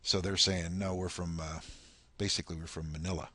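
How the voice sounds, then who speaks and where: A man's voice: low voice, flat delivery, a little fast, bright, forceful tone, no room sound. A man teaching a language lesson, explaining phrases patiently and repeating them often, in an informal, chatty way.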